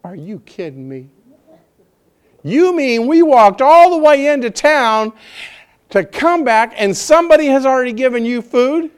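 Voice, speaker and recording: High-voiced, animated male preacher. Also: a little slow, smooth. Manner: animated storytelling, acts out scenes. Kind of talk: sermon.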